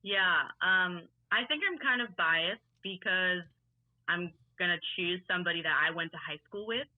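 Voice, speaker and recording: A chatty young woman from New York with a faint Long Island accent, telling stories in a relaxed podcast conversation. Her voice sits a little low and comes through a tinny, phone-like line that sounds dry and close. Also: normal speed, no echo. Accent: faded Long Island New York. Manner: chatty, filler-heavy storytelling with laughs. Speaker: guest, lacrosse player and coach. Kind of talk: casual podcast chat.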